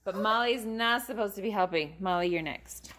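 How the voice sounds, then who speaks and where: A woman's voice: mid-range voice, moderate pace, very noisy. A woman in her thirties, a mother chatting casually at home about teaching her kids, rambling with lots of fillers and switching to sing-song praise for her children. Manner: chatty and rambling, full of "like" and restarts. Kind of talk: casual home vlog chat.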